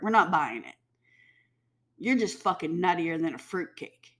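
A woman's voice: on the low side, very animated, unhurried, long pauses. A woman giving heated, blunt commentary, swearing freely and mimicking people mockingly. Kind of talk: ranting commentary.

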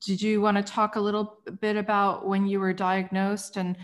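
A woman's voice: medium pitch, flat delivery, moderate pace. A woman journalist hosting a podcast, friendly and conversational as she interviews a guest. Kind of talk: casual interview chat.

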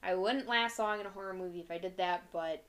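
Young woman co-host, bright, casual chat, quick to laugh. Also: on the low side. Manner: chatty, laughs often. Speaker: podcast co-host. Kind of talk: casual watch-along chat.

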